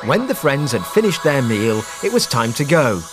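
A man narrating a children's story in an animated, expressive way. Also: mid-range voice, moderate pace. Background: music.

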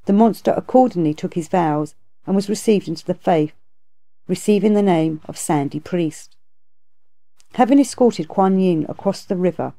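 A woman narrating a classic novel aloud in a measured, even way. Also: on the low side. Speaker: audiobook narrator. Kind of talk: storybook narration.

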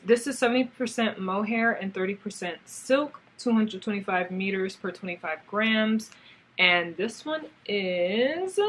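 A young woman casually chatting in a crafts vlog, gushing and excitable as she shows off yarn and talks to it and her viewers. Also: medium pitch. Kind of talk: casual haul vlog chat.

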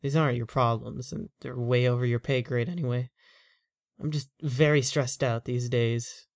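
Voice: medium pitch, steady tone, moderate pace, dry recording, studio quality, lightly acted. A storyteller voicing a stressed married man in his thirties who rambles and vents in a weary way, in a horror story reading.

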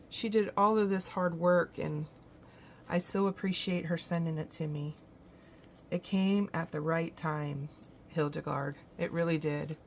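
A woman's voice: deep voice, gravelly, slight background noise. A woman hosting a craft vlog, gushing with admiration as she shows off handmade gifts indoors. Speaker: craft channel host. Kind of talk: show-and-tell unboxing vlog.

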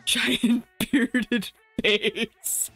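Woman, art streamer, casual chatty talk, laughing, desk mic, soft music underneath. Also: fairly high pitch, steady tone, very slow, husky, dry recording. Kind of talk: casual chat while drawing. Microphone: desk mic without pop filter.

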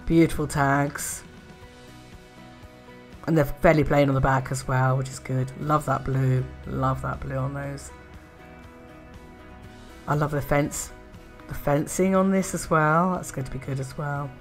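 A woman chatting casually in a craft haul video, gushing with soft admiring murmurs and little laughs. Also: rumbling low, steady tone, a little slow, long pauses, faint music behind. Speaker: art and craft vlogger.

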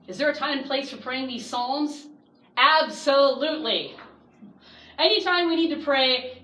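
A woman in her thirties teaching a Bible study class, lively and acting out the voices she quotes. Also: high-pitched, unhurried. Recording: echoey room, distant mic, faint hiss.

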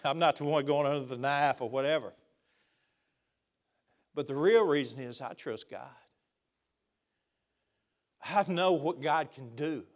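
A man preaching a sermon in a church, swinging between loud emphatic outbursts and quiet asides. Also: on the high side, measured pace, pauses often. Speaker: pastor. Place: church sanctuary.

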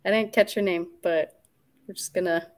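A woman making sales calls, calm and matter-of-fact as she works through a list. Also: on the low side, moderate pace, rough recording. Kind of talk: casual work chat.

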